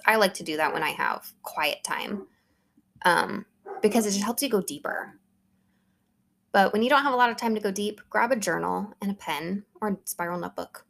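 Gravelly-voiced woman coaching her listeners. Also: mid-range voice. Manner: earnest and conversational, coaching listeners directly. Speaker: podcast host. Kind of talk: solo podcast talk, motivational.

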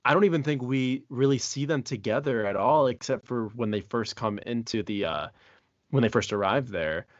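A man's voice: medium pitch, normal speed, no room sound, lo-fi sound. A man co-hosting a podcast, talking through a film in casual chat with earnest, reflective enthusiasm. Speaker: podcast co-host.

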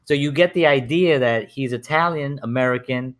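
A man chatting casually, circling his points with stops and restarts. His voice sits in an ordinary middle pitch. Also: moderate pace. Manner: rambling, full of restarts and repeated words. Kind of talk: casual chat.

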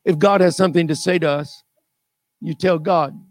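A man's voice: a little high, steady tone, normal speed, no room sound, voice pushed down, lightly acted. A man voicing a grumbling, defiant crowd of ancient Israelites, talking in a sassy way and repeating their demands.

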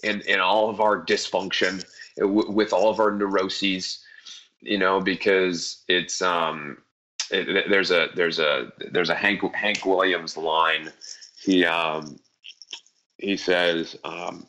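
A man's voice: sits low, level tone, slow pace, pushed and bright. A man from central New Jersey, a guest on a talk show, telling a personal story in an earnest, reflective way and chuckling now and then. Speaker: podcast guest.

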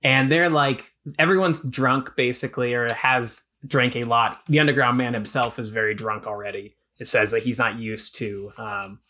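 A man with a bright, forceful voice talks through a novel on a casual podcast. He retells the plot with energy and slips into the characters' lines as he goes. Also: mid-range voice, fairly even intonation, moderate pace, few pauses. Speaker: podcast co-host. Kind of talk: casual literary discussion.

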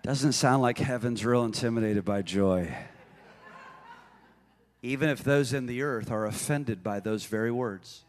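A man preaching a sermon, swinging from hushed asides to shouted proclamations. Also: medium pitch, measured pace, long pauses, big-room sound. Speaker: pastor.

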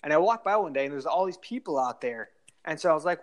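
A man's voice: a little high, expressive, fast. Rambling man telling concert stories. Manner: rambling, many fillers and restarts. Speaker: guest storyteller. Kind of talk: casual podcast storytelling.

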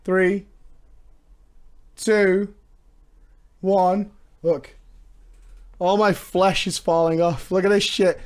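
Hoarse, excitable young man on a webcam. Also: sits high, extremely slow, pauses often. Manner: excitable, swearing, laughing. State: lost his voice. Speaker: vlogger. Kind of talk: casual webcam vlog. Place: indoors at a desk.

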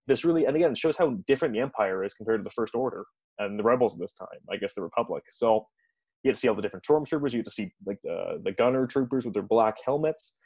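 A man in his usual middle pitch recapping a TV episode for a podcast, chatty and rambling, leaning on fillers and stopping to restart his sentences. He chuckles as he goes. The sound is close and dry, with no room around it. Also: animated, fast talker, darkish tone, breathy edge, no room sound. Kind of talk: casual episode recap chat.

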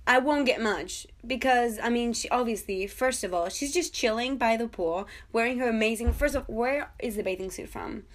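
Chatty twenty-something woman doing a podcast review, jokey and excitable, talks right to the listener. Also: on the high side, moderate pace, few pauses. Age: 20s. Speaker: podcast host. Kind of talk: casual TV episode review.

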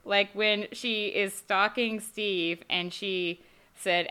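A woman chatting casually about a movie as a podcast co-host, frank and quick to laugh. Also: medium pitch, clear, resonant tone. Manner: laughing, frank, animated storytelling. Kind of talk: casual movie review chat.

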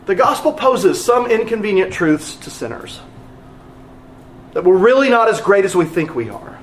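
A pastor delivers a sermon in a high voice whose pitch jumps up and down, very animated and at a moderate pace. He drives his points home earnestly, repeating phrases for emphasis. His voice rings through a roomy, echoing sanctuary, with a slight hiss or hum in the recording.

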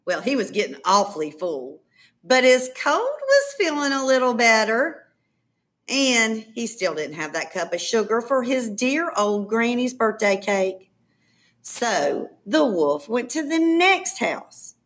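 A woman reading a children's story aloud in an expressive, playful storytelling manner. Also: on the high side, a little slow.

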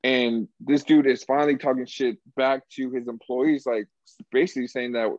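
A young man telling a story in a casual chat, swearing a lot and loudly acting out the people he quotes. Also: mid-range voice, normal speed, no echo. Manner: animated, profane, acts out quotes loudly. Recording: dull lo-fi sound.

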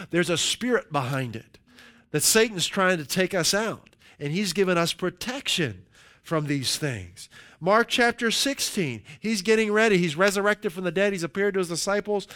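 A man preaching a sermon, emphatic, slowing down to stress scripture quotes and often asking his listeners "right?". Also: high voice, animated, a bit bright. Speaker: pastor.

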